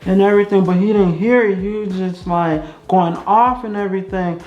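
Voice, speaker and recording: Speaking at a normal speed with fairly even intonation, this young female vlogger has a mid-range voice. Her relaxed story is talkative, repetitive and full of fillers, recorded in a reverberant room where the sound is dull and soft music lingers.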